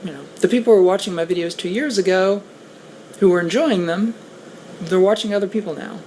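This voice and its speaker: A woman's voice: medium pitch, a little fast, crowd noise, rough recording. A woman in casual conversation, talking in a hesitant, rueful way with frequent restarts. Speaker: guest on a talk stream. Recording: steady background noise.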